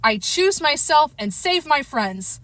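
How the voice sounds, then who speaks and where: A woman's voice: high voice, big pitch swings, slow pace, a bit bright, dry recording, voice pushed up, exaggerated voice. Woman doing a sassy, defiant young girl. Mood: grim. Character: selfish, tough young girl.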